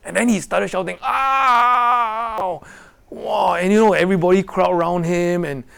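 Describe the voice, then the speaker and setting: A man preaches to a room of young people, his voice sitting a little high. He swings between hushed and loud, firing off rhetorical questions and acting out the people in his stories. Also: brisk, vocal fry. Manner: animated, rhetorical questions, acts out quoted voices. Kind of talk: sermon.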